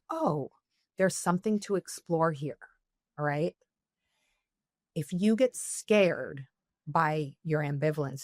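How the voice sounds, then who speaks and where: A woman's voice: low voice, no room sound, clean studio sound. A woman speaking as a therapist guest on a podcast, giving earnest advice and checking in with "okay?" often.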